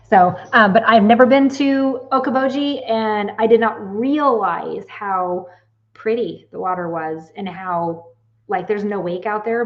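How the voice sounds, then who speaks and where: A woman in her late forties, a psychic medium, chatting casually to viewers and telling stories in an animated way, often swearing. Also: mid-range voice, muffled recording. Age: late 40s.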